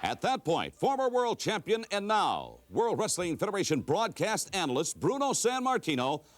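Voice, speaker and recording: A man reading a scripted news update in a formal, measured way. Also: sits high, huge pitch swings.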